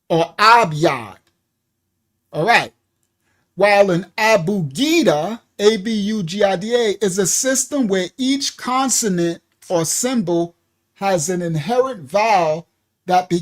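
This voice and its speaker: A teacher at a ministry giving an interactive class, spelling out terms letter by letter and calling on the class, addressed as y'all, to join in. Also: medium pitch. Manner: coaxes the audience to join in.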